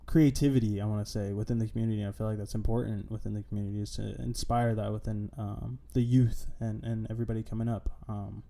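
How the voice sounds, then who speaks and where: A man's voice: on the low side, flat delivery, fast, vocal fry, few pauses, mellow. A man hosting a casual podcast, laid-back and hesitant with frequent ums. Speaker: podcast host.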